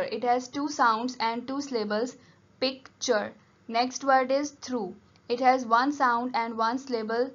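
A woman teacher reading dictation words slowly and deliberately for a class. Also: a little high. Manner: slow, deliberate word-by-word dictation. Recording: dull lo-fi audio.

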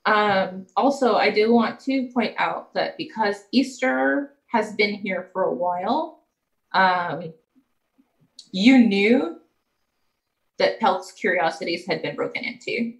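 A woman game master narrating a tabletop game in a loose, casual way. Her pitch is middling, and she laughs easily as she describes the scene. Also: animated, slow, poor audio.

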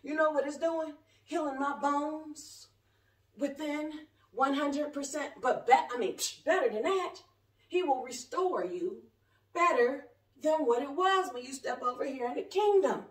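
At a measured pace, a high-voiced woman in her forties preaches fervently and spontaneously to a distant camera at home, presenting herself as a prophet. Her speech rambles colloquially, alternating shouting with soft asides, and the room's echo makes her sound far away.

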